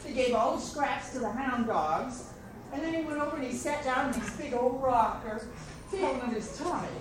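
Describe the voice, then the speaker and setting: High-voiced woman co-telling a folk tale. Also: moderate pace. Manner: lively, expressive telling. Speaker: storyteller. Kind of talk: live folk storytelling in tandem. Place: festival stage. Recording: echoey distant live recording, noisy.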